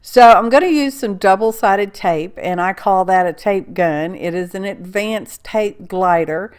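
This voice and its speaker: A woman's voice: mid-range voice, a little mellow, clear, resonant tone. A woman giving a casual, folksy craft tutorial, chatting and rambling as she works and often checking in with "okay?". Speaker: card-making crafter.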